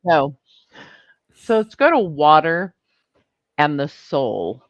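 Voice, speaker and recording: This is a podcast co-host speaking slowly and laughing often in easy conversation. The sound is dry and a little dull, as if the high end has been cut off. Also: big pitch swings, no room sound. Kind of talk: casual chat.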